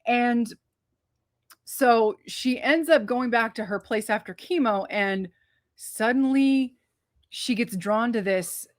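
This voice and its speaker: A woman's voice: a little high, dry recording. Chatty woman reviewing movies, dry sound. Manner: chatty, rambling, quick asides and restarts. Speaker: co-host of a movie review show. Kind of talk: casual movie review chat.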